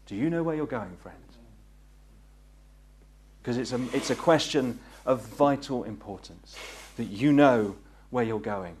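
Man, gospel preacher, earnest, pleading, fervent swells, hushed drops, middle pitch. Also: lively intonation, measured pace, breathy edge. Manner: earnest, pleading, rising to fervent peaks then dropping low. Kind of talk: gospel sermon. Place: meeting hall.

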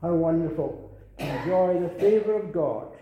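An older male preacher with a fairly high, mellow voice delivers an earnest sermon. He repeats key phrases and swells into emphatic calls. The room around him rings with heavy echo. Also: expressive, measured pace. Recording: very echoey room.

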